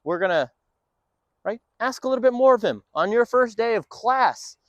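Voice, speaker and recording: Male dog trainer, upbeat explainer with a high lively voice, dry close sound. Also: moderate pace, no room sound. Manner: upbeat explainer mixing in short firm commands to a dog.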